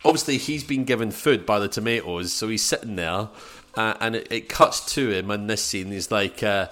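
A man's voice: on the low side, moderate pace. A man co-hosting a podcast, talking casually and rambling about a film. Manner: relaxed, rambling, agreeable. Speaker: podcast co-host. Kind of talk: casual movie review chat.

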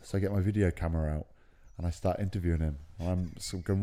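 Deep mellow man. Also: steady tone, fast talker. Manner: laid-back, chatty, matey. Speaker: podcast co-host. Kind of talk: casual storytelling chat.

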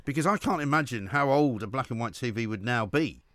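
A man hosting a radio talk show who talks quickly and tells stories with a brisk, chatty manner. His voice sits at an ordinary pitch, and the studio sound is dry and close. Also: animated, fairly bright tone, no room sound. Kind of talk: casual radio chat.

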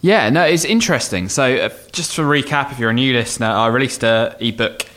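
A man's voice: medium pitch, expressive, a little fast, a bit bright. A man co-hosting a podcast, explaining answers to listener questions in a loose, rambling way with frequent ums and restarts. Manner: rambling, thinks aloud with many ums and restarts. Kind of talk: casual explanatory chat.

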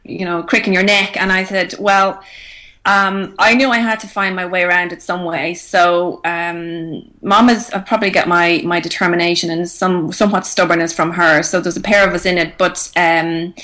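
Irish lady guest, bit low voice, talks it through slow with lots of restarts. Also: steady tone, bright, forceful tone. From Ireland. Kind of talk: casual interview chat.

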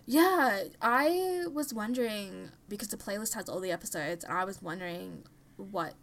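A woman with a high, girlish voice co-hosts a casual podcast chat. She talks in a chatty way and laughs between quick asides. A faint hum sits under the recording. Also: animated, gravelly, a bit bright. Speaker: podcast co-host.

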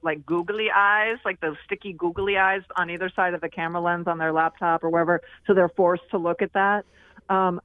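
A woman's voice: medium pitch, no echo. A woman guest on a radio show, giving upbeat, practical career advice step by step. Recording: phone line.

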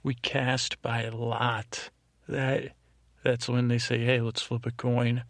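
A man's voice: mid-range voice, flat delivery, slow pace, dry recording, clean studio sound. A man hosting a bedtime podcast, rambling along and stumbling over foreign words as he reads them out. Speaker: podcast host.

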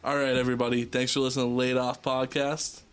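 A man's voice: medium pitch, level tone, fast, a bit bright, clean tone. Boston guy hosting a podcast, medium voice, jokey and loose, swears a bit. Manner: joking, loose and profane. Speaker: podcast host. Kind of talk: casual chat.

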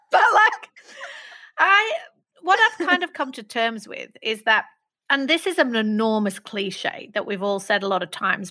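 Middle-aged woman from England, clear bright tone, open and self-reflective guest. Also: mid-range voice. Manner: earnest and self-reflective, laughing at herself. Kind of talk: candid conversational interview.

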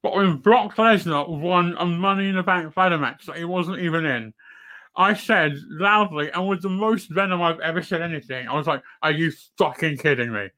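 A man appearing as a guest on a casual wrestling talk show, telling stories in an excitable, exasperated way. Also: sits high, moderate pace.

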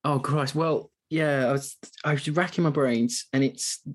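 A man's voice: fairly high pitch, fairly even intonation, unhurried. A man co-hosting a podcast, chatting loosely about a film with frequent restarts and asides. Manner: chatty, rambling with many restarts. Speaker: podcast co-host. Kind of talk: casual film discussion.

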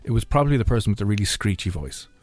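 A man's voice: fairly low pitch, lively intonation, racing, heavy background noise. A man hosting a radio show, chatting casually in a rambling, jokey way. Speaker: radio host.

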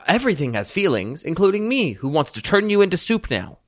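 A man's voice: high voice, big pitch swings, brisk, no echo, studio quality, pitched above the performer's own voice. A man voicing a petulant, menacing male captor who threatens to turn people into soup. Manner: childish, stubborn, menacing.

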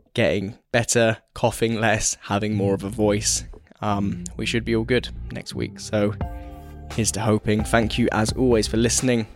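A man hosting a solo podcast, talking in a reflective, candid, rambling way while hoarse and losing his voice. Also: lowish voice. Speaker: podcast host.

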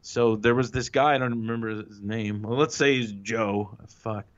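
As an interview guest, a man who once wrote for wrestling speaks at normal speed with a fairly low, fairly even voice. Telling stories in the casual chat, he swears freely and raises his voice to act out quotes, all on muffled lo-fi audio.

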